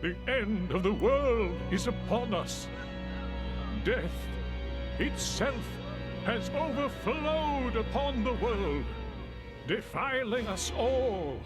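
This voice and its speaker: A fanatical doomsday cult preacher. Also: male voice, very high-pitched, very animated, takes it slowly, heavily acted. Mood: zealous. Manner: grand, zealous proclamation. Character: fanatical male cult preacher proclaiming doom. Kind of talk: video game cutscene acting. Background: loud music.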